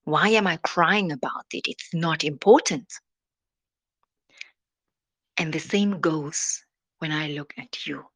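A South African woman with a medium-pitched voice hosts a devotional podcast. She speaks slowly and reflectively, letting her phrases trail off into soft, whispery endings.

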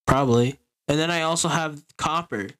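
Guy casually rambling thru a game, kinda high voice, chill and chatty. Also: normal speed, a bit bright. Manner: rambling, easygoing, talks to viewers. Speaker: gaming video creator. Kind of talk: casual gameplay commentary.

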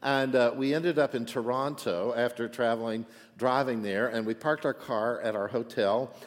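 A pastor preaches a sermon, telling a story in a chatty way and frequently asking for an amen or a "right?" His mid-range voice is steady and moderately paced, with a big-room sound.

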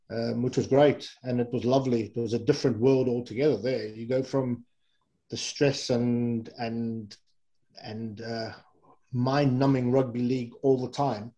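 A middle-aged man from England, a former rugby player, telling relaxed, rambling anecdotes as an interview guest. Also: medium pitch, lo-fi sound. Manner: relaxed, rambling, with fillers and self-corrections. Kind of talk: casual anecdotal storytelling.

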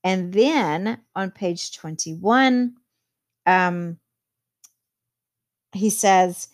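A woman's voice: fairly low pitch, very slow. Woman teacher explaining a novel chapter. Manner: reads quotes aloud with plain commentary.

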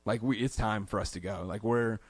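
A man's voice: lowish voice, steady tone, fairly quick, slightly rough, dry recording. A man as a podcast guest, telling stories casually in a studio and acting out quoted lines in a raised voice. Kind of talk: casual storytelling interview.

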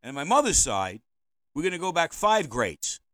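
A man's voice: a little high, very animated, normal speed, pushed and bright, no echo, poor audio. A man, hosting a podcast as an opinionated monologue. He rambles, repeats himself and says provocative things. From United States. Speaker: podcast host. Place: indoors, seated at home.

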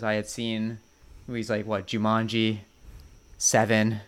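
A man co-hosting a casual film podcast, joking dryly and deadpan as he discusses movies. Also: lowish voice, measured pace, long pauses. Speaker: podcast co-host.

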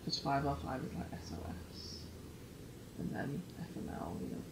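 A woman's voice: extremely low pitch, normal speed, creaky, heavy background noise. A woman hosting a casual comedy podcast, telling stories with lots of giggling. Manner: giggly, animated storytelling. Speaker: podcast host.

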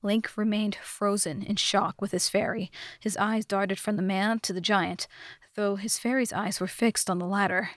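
Woman narrating a fantasy audiobook, steady middle-pitched voice, dry close mic. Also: dry recording. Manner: steady, measured reading. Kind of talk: scripted narration.

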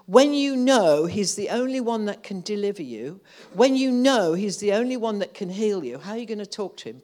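A woman's voice: medium pitch, a little mellow. A woman preaching a sermon in church, building from conversational teaching into impassioned, fervent calls. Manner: impassioned, rising to fervent outbursts.

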